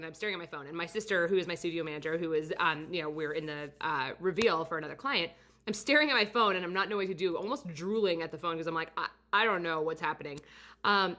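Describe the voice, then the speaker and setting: A woman photographer casually telling a story about a client, chatty and full of fillers. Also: fairly low pitch. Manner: chatty, many fillers, animated retelling. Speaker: portrait photographer and studio owner.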